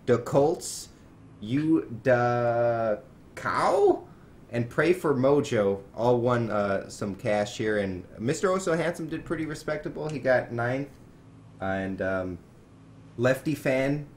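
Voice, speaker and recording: A man from Wisconsin hosting a casual podcast, talking excitably and swearing a lot. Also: mid-range voice, slow pace, a little hiss or hum. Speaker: podcast host.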